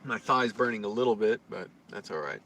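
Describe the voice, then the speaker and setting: Bright-voiced man rambling crudely outdoors. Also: on the low side, animated, a little fast, slight background noise. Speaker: vlogger. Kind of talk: casual rambling vlog. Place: outdoors on the street.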